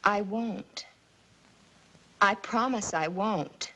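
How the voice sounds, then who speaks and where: A woman's voice: medium pitch, extremely slow, fairly bright tone, exaggerated voice. An actress playing a frightened young girl who pleads and denies in a 1950s TV drama. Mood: defensive pleading. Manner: pleading, tearful denials. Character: frightened young girl accused of starting fires. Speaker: daughter.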